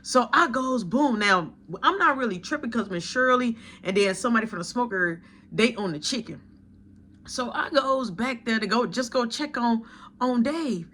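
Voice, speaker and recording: A young man telling a story in casual slang, animated as he acts out what people said to him. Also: very high-pitched, normal speed, slight background noise. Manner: animated retelling, acting out others' quotes in slang.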